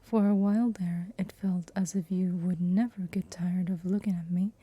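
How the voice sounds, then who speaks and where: A woman's voice: medium pitch, measured pace, mellow. A woman voicing a charming, teasing young male tour guide in a whispered role-play. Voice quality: breathy whisper. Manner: teasing, playful.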